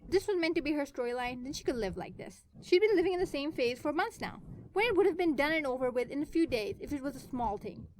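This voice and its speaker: A woman narrating her own fan fiction, expressive and swinging between soft and loud. Her voice sits fairly high for a woman. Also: fast talker, slight background noise.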